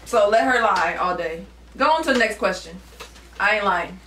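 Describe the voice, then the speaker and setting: A woman's voice: medium pitch, lively intonation, moderate pace, fairly bright tone, a little hiss or hum. A woman co-hosting a couple's vlog, chatting casually, defending herself playfully and laughing things off. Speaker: co-host of a couple's channel. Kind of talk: casual chat. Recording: echoey room, mic at a distance.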